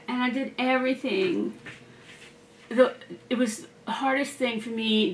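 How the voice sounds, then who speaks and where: A woman's voice: mid-range voice, far from the mic, slight background noise. Chatty woman crafting and telling stories. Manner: chatty, laughs often, talks while working. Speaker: crafter making a wreath. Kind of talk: casual craft vlog with storytelling.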